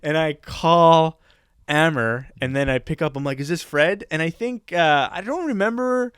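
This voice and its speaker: A young man co-hosting a comedy podcast, telling stories in a lively, laughing way and acting out voices. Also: on the high side, normal speed, smooth, no room sound, studio quality. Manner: animated storyteller, laughs often, acts out voices. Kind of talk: casual chat.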